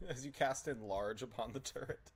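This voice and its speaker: A man's voice: medium pitch, unhurried, slightly rough. A man narrating a tabletop game as dungeon master, laughing often between descriptions.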